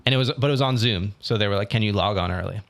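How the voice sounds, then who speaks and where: A young man co-hosting a podcast, telling a story in a casual, animated way and acting out what other people said. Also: on the low side, racing, creaky. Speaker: podcast co-host. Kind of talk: casual chat.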